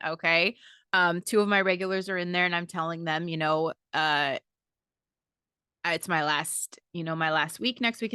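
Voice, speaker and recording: Bright, emphatic woman podcaster. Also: on the low side, no room sound, clean studio sound. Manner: emphatic, profane, repeats "okay?" to the listener. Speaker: podcast host. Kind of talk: casual solo podcast storytelling.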